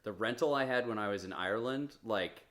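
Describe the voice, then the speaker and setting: A man's voice: lowish voice, brisk, a bit bright. A man co-hosting a casual podcast, blunt and swearing freely as he chats. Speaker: podcast co-host.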